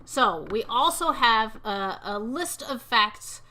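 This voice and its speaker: A woman's voice: fairly high pitch, lively intonation, slow, sharp tone, slight background noise. A woman co-hosting a playful show, chatting and reading facts aloud with mock drama. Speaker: co-host. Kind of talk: casual chat.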